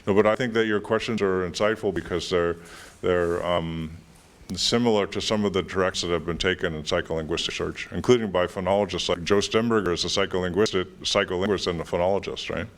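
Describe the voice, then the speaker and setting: A man with a very low voice answers audience questions after an academic talk. He thinks aloud as he goes, pausing often and restarting his sentences while he works through the point.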